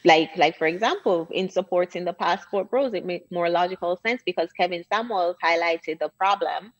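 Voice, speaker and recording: Assertive woman, low voice, lo-fi call audio. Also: normal speed. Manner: assertive, matter-of-fact, argues in reasoned steps. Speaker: podcast guest and commentator. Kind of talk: casual podcast conversation.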